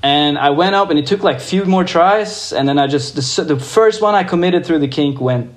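A young man from Norway, a guest skateboarder, telling a story in a casual, excited way, swearing freely and using lots of fillers. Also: a little high, normal speed.

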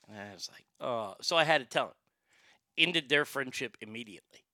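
A man's voice: medium pitch, fairly quick, bright, forceful tone, dry recording, studio quality. A man, the show's host, telling a long personal anecdote in a casual, profane, conversational way with frequent restarts.

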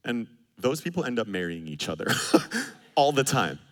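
A man in his thirties preaching a sermon, animated and joking, acting out quoted arguments. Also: mid-range voice, moderate pace. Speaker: pastor.

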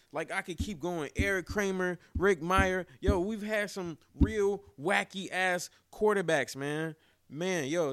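A young man hosting his own sports podcast, talking casually and excitedly, cursing often and tossing in "man" and "yo" again and again. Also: on the high side, clear, resonant tone, no room sound. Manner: excitable, animated, swears freely, repeats "man" and "yo". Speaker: podcast host.

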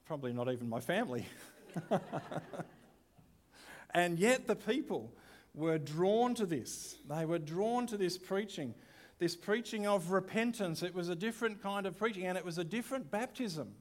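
A man's voice: sits high, expressive, normal speed. A man, a pastor giving a sermon in a conversational way with rhetorical questions.

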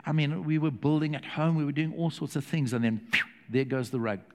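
A man preaching a sermon to a church congregation, animated and acting out the quotes he tells. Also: a little high, a little fast. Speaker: pastor. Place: church hall. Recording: long hall reverb.

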